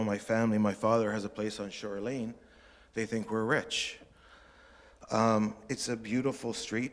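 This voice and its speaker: Blunt, rambling man in a reverberant chamber. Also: fairly low pitch. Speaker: resident speaking to council. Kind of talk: public comment at a council meeting. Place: council chamber. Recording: long reverb of a council chamber.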